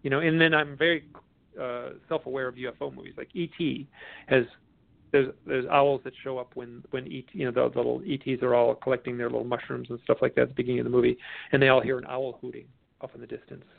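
Gravelly-voiced man telling stories over a phone line. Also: medium pitch, fast talker, no room sound. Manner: rambling, animated storyteller with many restarts. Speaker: author and guest expert. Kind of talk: storytelling interview chat.

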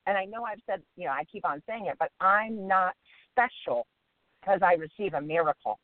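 An earnest man with a slightly high voice, talking on a spiritual radio interview. He sounds tinny and thin, like a phone call, and the sound is dry and close. He is emphatic and repeats key phrases to stress them. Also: moderate pace, no room sound. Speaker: guest.

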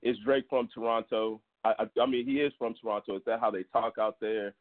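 Blunt, joking male panelist, low voice, dry, telephone-thin sound. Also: fairly even intonation, fairly quick, dry recording. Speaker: podcast panelist. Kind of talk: casual sports chat. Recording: tinny phone-like sound.

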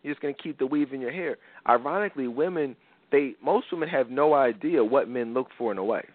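A man's voice: brisk, no room sound. Young guy radio host giving advice, acts out quotes all over the place, sounds thin like a phone line. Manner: animated storytelling, acts out quotes with big pitch jumps. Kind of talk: casual advice talk to listeners. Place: radio studio.

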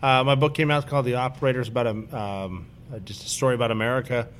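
A man's voice: mid-range voice, fairly even intonation, quick pace, slight background noise. Hesitant man with middling voice. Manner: hesitant, many uhs. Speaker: former Navy SEAL guest. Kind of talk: casual chat.

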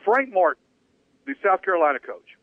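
Male sports talk host, high pitch, emphatic, rambling delivery; dry, narrowband radio sound. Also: sing-song, moderate pace, no echo. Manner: emphatic, opinionated, rambling with restarts. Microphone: studio radio mic. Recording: dry phone-like radio audio.

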